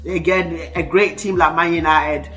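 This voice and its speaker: A man's voice: on the high side, fairly even intonation, unhurried, pushed and bright, soft background music. A man, ranting about football in a casual vlog, heated and full of stuttering restarts. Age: 20s. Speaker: football fan vlogger.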